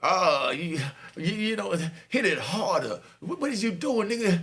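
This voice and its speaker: Gravelly New man telling street stories. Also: high voice, very animated, measured pace, a bit bright. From New York. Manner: laid-back, full of "you know", chuckles. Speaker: podcast host. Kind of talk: street storytelling monologue.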